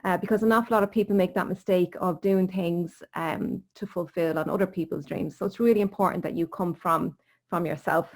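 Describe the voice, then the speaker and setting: A woman's voice: lowish voice, fairly even intonation, fairly quick, a little mellow. A woman hosting a podcast interview as a sleep coach, speaking in an earnest, encouraging, motivational way. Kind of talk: casual conversational interview.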